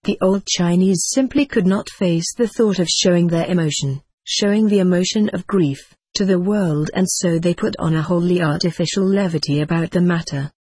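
Husky older man reading his book. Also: sits high, a little mellow, no room sound. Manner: measured, wry and dry-humoured. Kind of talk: audiobook narration.

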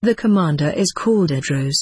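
A woman reading the lines of a wise young woman in a spoken story, with a breathy tone and dry, close sound. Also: sits low, animated, a little fast, darkish tone, no echo, exaggerated voice. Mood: assured. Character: young part-Navajo woman, wise and triumphant.

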